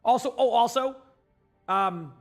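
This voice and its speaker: With a very high voice and faint music in the background, a Massachusetts man with no regional accent rambles casually to his live-stream chat, tossing out quick answers to viewers between plenty of filler words.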